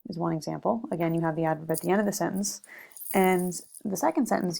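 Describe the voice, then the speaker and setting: A woman's voice: fairly low pitch, fairly even intonation, fairly quick, gravelly, darkish tone. A young woman giving a recorded slide lecture on grammar, methodical, with frequent "okay" and "um". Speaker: teacher presenting a lesson.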